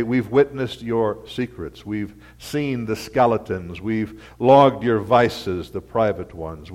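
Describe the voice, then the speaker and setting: A man preaching a sermon as pastor, in a slow, dramatic delivery that builds to loud rhetorical peaks and sinks to quiet asides. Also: fairly low pitch. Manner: repetitive, rhythmic preaching.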